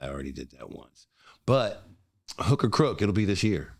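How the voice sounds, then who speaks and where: A man from Detroit with a very deep voice tells stories at an easy pace as a podcast guest. The sound is dry and close to the mic. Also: big pitch swings, creaky, no room sound. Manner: laid-back, unhurried storytelling. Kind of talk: casual interview. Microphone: podcast microphone.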